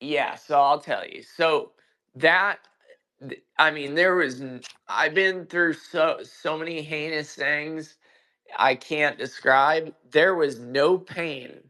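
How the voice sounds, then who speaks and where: A man recounts his story in casual chat over an audio call, taking his time with each phrase. His voice sits fairly high and has a bright edge, and his delivery is profane and emphatic, full of restarts. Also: slow pace. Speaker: guest. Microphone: own mic on a social audio call.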